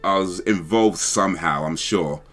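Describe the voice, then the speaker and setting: A man's voice: low voice, unhurried, a bit bright, faint music behind. A man hosting a casual livestream chat, rambling and thinking aloud as he second-guesses himself. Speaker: livestream host.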